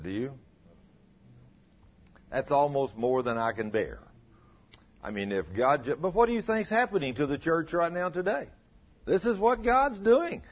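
A man delivers a sermon conversationally, frequently posing rhetorical questions to his listeners. The recording sounds dull, muffled and low-fidelity.

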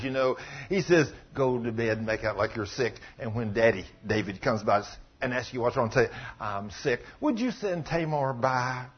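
A man preaching a sermon, retelling a story, dropping to low murmurs and rising to loud exclamations. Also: slightly rough. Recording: dull lo-fi recording.

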